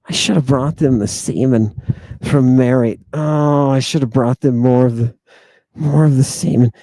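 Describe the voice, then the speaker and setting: A man hosting a channel in a rambling livestream monologue, reading out viewer comments and talking through them in an excitable, sardonic way full of exclamations and rhetorical questions. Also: medium pitch, unhurried, no room sound. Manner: sardonic and mocking. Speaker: channel host.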